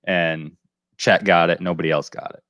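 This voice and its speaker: A man with a very low voice chats casually as a podcast co-host, spinning rambling anecdotes and dry puns. The sound is close and dead, with no room around it. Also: steady tone, normal speed, fairly bright tone, clean tone, no echo. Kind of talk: casual chat.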